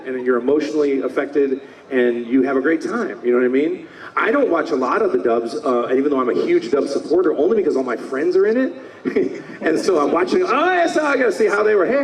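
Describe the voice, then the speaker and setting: A man in his fifties, a voice actor talking at a convention panel, enthusiastic and slipping into quick character voices. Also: on the high side, darkish tone, far from the mic. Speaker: voice actor guest. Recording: roomy hall, mic from afar.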